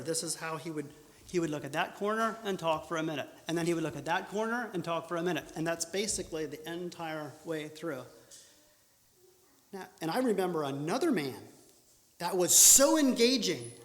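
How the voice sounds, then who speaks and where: A man giving a talk on public speaking at a church training session, lively and animated, often restarting his sentences. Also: high voice. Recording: echoey church hall.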